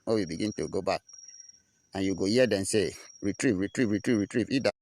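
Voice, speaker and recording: A man's voice: low-pitched, fairly quick, darkish tone. A man with a Nigerian accent giving an impassioned broadcast address as an activist, in a preaching, repetitive chanting cadence.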